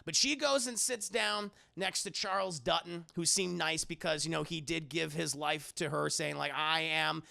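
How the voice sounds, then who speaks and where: A young man with a high, bright voice and a heavy gravelly fry runs through a movie scene by scene for his live chat. He is sarcastic and profane, and he keeps slipping into quick impressions of the characters. The delivery is casual and riffing, never scripted. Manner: sarcastic, jokey, swears freely, acts out characters in quick asides. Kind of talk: casual profane film recap.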